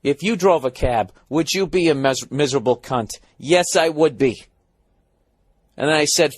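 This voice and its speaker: American podcast host, sarcastic and foul-mouthed, ranting from a hotel room, dry recording. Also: male voice, fairly high pitch, normal speed, no echo. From United States. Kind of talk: rambling comedic monologue.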